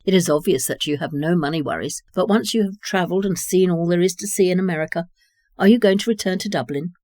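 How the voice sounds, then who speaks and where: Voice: mid-range voice, fast talker, darkish tone, dry recording, clean studio sound, close to an everyday voice. A reader voicing a friendly, cheerful young man with a Belfast accent in an audiobook. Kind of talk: audiobook reading.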